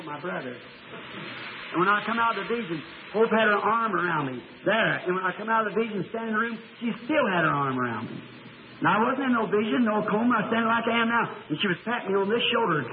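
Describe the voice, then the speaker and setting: A middle-aged man, preaching and telling a vision story in an earnest, halting way. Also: high-pitched. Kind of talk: sermon testimony. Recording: tinny lo-fi old tape with faint hiss.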